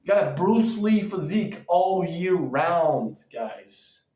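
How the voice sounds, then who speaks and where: A man's voice: sits high, big pitch swings, slow pace, warm tone. Rambling man ranting in an echoey room. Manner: rambling, emphatic, lots of fillers and restarts. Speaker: vlogger. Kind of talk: casual ranting vlog.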